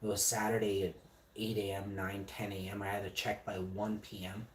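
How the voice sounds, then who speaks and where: A man's voice: lowish voice, flat delivery, normal speed, slight background noise. A man telling a personal story in a blunt, heavily profane casual monologue. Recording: echoey room, distant mic.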